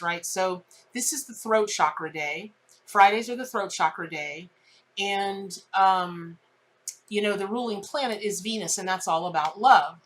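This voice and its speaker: A woman's voice: mid-range voice, poor audio. A woman with a twang hosts a daily pick-a-card tarot reading. She chats to her viewers in a loose, heartfelt way and laughs at her own slips. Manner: chatty, emotional, self-deprecating, warm with viewers. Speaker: tarot reader and channel host. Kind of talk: casual spoken tarot reading to camera.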